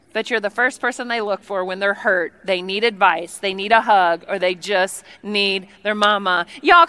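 A woman speaking from a church stage, telling humorous stories in an animated, playful and chatty way. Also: a little high, smooth. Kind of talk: humorous sermon storytelling.

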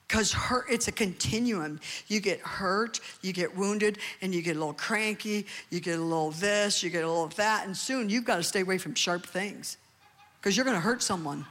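A middle-aged woman preaching to her congregation, her mid-range voice lively and earnest. She drives each point home and keeps asking for amens. Her sermon rings out with a long reverb from a large hall. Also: medium pitch, normal speed. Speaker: pastor. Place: church hall.

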